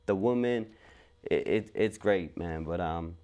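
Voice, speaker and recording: A man from New England with a Boston accent, telling animated stories in a casual chat full of street slang. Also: low-pitched, measured pace, clean tone, highs cut off. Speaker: podcast host.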